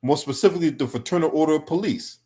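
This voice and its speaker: A man's voice: on the high side, fast talker, mellow. Angry, profane man in heated commentary. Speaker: political commentary streamer.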